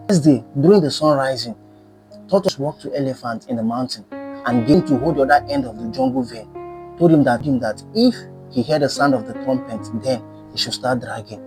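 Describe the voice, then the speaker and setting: A man telling a folktale in an animated, emphatic way, repeating phrases for effect. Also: medium pitch, fairly quick, vocal fry, music in the background. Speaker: storyteller. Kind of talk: folktale storytelling.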